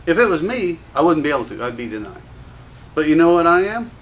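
A man's voice: a little high, very animated, fast talker, slight background noise. A man who owns a gun store, ranting to camera in an angry, combative, profane commentary. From Louisiana. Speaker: gun store owner and show host.

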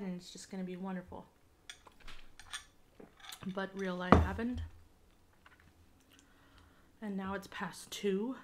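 A woman chatting casually to viewers in a food taste-test vlog, expressive and talkative. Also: medium pitch, measured pace, pauses often, a little hiss or hum. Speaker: food vlogger.

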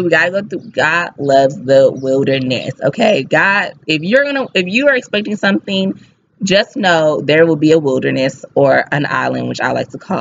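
A woman giving a casual devotional talk as a faith vlogger. She talks in an excited, fast and lively way. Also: sits low, creaky. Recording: slightly dull with faint hiss.

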